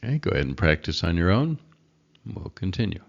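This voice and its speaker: Male teacher, very low gravelly voice, unhurried, patient, dull lo-fi recording. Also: very animated. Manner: slow, patient, repeats each word for learners. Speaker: Hebrew reading teacher. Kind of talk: recorded reading lesson.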